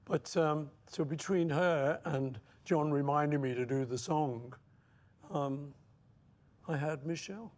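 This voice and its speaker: Taking it slowly in a voice on the high side, this septuagenarian man is an interview guest sharing memories. He tells anecdotes, acting out old quotes and adding lively asides.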